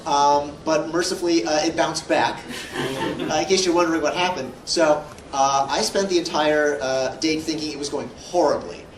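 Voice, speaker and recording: A man's voice: on the high side, steady tone, normal speed. A man answering fan questions as a guest at a live convention panel, telling jokey stories. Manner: playful, joking storyteller. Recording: echoey hall, far from mic, noisy.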